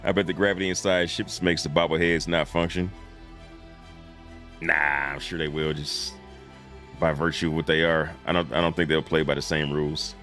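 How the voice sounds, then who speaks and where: A man streaming live, reacting casually to game videos in a relaxed, slangy way and chuckling often. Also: rumbling low, normal speed, faint music behind.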